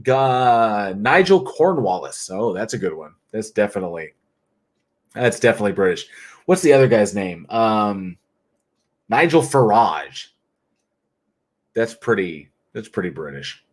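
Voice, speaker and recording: A man's voice: lowish voice, big pitch swings, a little slow, pauses often. Tired, chatty man hosting a livestream. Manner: chatty and jokey, often laughing. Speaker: livestream host. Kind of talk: casual livestream chat reading viewer comments.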